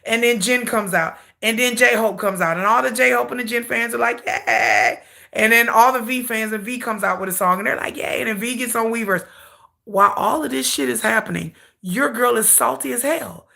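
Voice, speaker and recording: A woman hosting a K-pop channel livestream, telling a dramatic, salty story with animated humor. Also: fairly high pitch, a little fast, vocal fry. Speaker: K-pop YouTube channel host. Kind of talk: casual livestream rant.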